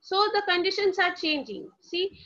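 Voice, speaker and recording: A woman with a very high-pitched, slightly bright voice lectures students on phonetics at a moderate pace. She explains by posing questions and answering them herself, spelling words out letter by letter, and the recording is dull and lo-fi.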